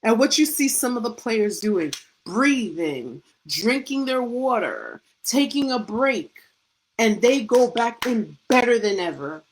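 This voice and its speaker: A woman's voice: on the high side, very animated, takes it slowly, slight background noise, rough recording. A middle-aged woman and faith coach giving a devotional pep talk, full of rhetorical questions and punchy repetition, with casual vernacular slang.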